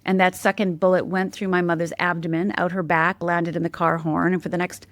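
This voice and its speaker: A woman's voice: fairly low pitch, flat delivery, fairly quick, no echo. A middle-aged woman, a life coach and podcast guest, telling a personal story candidly and emphatically, often checking in with "right?".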